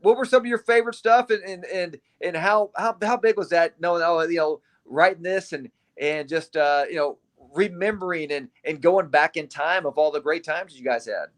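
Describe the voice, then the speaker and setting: A man hosting an interview, asking halting questions and repeating words as he gets them out. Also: a little high, fairly bright tone. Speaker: host. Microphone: video call.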